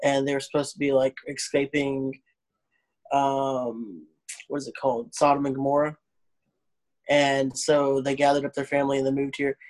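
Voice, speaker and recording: A man's voice: medium pitch, moderate pace. A man from Arkansas with a Southern accent, telling stories in casual chat and acting out the people he quotes. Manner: animated storytelling, acts out quoted people. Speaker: comedian.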